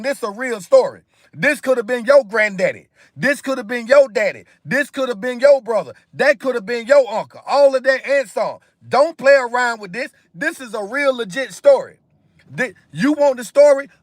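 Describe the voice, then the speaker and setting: Emphatic high-voiced man on a livestream. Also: a bit bright, no room sound. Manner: emphatic, repetitive, addresses viewers directly. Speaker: live stream host. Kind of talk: impassioned commentary monologue.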